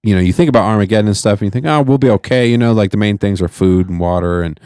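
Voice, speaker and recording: A man's voice: on the low side, steady tone, rapid-fire, mellow, clean tone, no echo, clean studio sound. A man hosting a casual podcast chat, rambling and swearing as he trips over his words. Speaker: podcast host. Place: home podcast studio.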